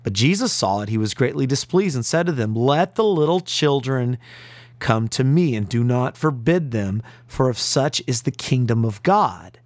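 A man preaching a sermon in an earnest voice, building emphasis and pausing for effect. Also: medium pitch, lively intonation, no room sound. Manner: earnest preaching with rising emphasis and dramatic pauses.

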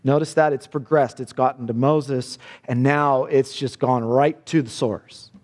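A man's voice: mid-range voice, steady tone, a little slow, darkish tone, in a large hall. A man preaching a sermon, earnest, often repeating words as he builds a point.

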